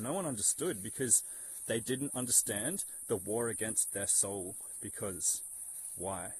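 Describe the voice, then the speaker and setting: A man's voice: medium pitch, a little fast, a little hiss or hum, low-quality recording. A man delivering an impassioned, preachy monologue to his followers, swearing and repeating himself to drive points home. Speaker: social media commentator.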